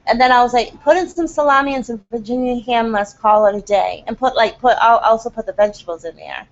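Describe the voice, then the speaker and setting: A middle-aged woman vlogger telling a frustrating story in quick, animated casual talk. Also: fairly high pitch. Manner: fast, animated, frustrated retelling. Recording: dull lo-fi home recording.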